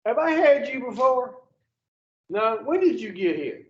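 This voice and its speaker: A man with a fairly high voice speaks slowly, leading a recovery group in a folksy, plain-spoken way with mild swearing. He keeps calling on his listeners as he teaches. The room is echoey and the sound is dull and lo-fi. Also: very animated. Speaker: addiction recovery group leader.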